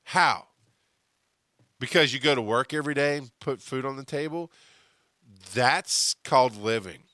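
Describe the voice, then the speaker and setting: A middle-aged man hosting a solo podcast, talking emphatically and swearing freely, dropping quiet and then getting loud. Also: medium pitch, measured pace, no room sound, studio quality. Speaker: podcast host.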